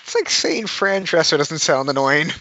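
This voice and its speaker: Lively laughing man, argumentative banter. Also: a little high, normal speed, no echo. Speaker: podcast co-host. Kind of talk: casual chat. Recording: dull, dry lo-fi audio.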